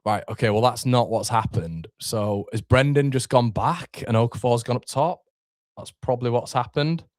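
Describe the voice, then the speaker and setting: A man hosting a live football watchalong, reacting anxiously and in exasperation, sometimes swearing and shouting at players. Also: medium pitch, moderate pace, no echo, studio quality. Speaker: fan watchalong host. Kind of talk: live football fan commentary.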